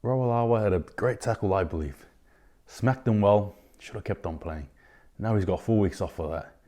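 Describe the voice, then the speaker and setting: A man hosting his own rugby league podcast, giving indignant opinions in a ranting style, with sudden loud outbursts of disbelief. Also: lowish voice, normal speed. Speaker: podcast host. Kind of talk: opinionated sports commentary.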